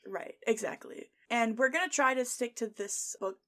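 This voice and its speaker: A woman's voice: on the high side, moderate pace, sharp tone. A young adult woman hosting a book podcast, chatting casually, laughing often and reading quotes aloud. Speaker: podcast host.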